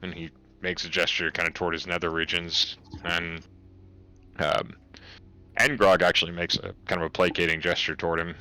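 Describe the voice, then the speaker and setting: Low-voiced guy gm'ing a tabletop game, slow and halting, lots of restarts, bright edge to his voice. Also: little pitch movement. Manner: halting, with many fillers and restarts. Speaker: game master.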